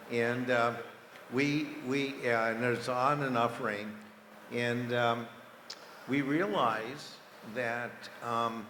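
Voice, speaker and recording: An older man, a team founder and former driver, recounting racing history at a dinner panel in a relaxed, measured way with frequent ums. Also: mid-range voice. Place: banquet hall during a dinner. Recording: echoey banquet hall over a PA, faint noise.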